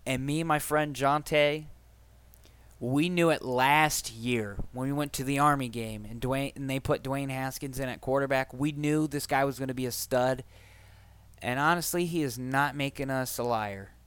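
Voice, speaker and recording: A man with a smooth, clear voice talks casually on his solo podcast, rambling loosely and cursing often. His pitch sits in the middle range, and the recording is dry and close. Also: moderate pace, fairly bright tone, no room sound. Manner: rambling, profane, conversational. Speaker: podcast host.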